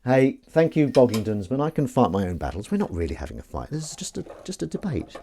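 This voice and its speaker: A man's voice: medium pitch, big pitch swings, quick pace, hardly any pauses, warm tone, slight background noise. A man hosting a live stream, chatting casually, joking and playing mock-outrage at the chat's comments. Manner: jokey, rambling, mock-outraged at chat.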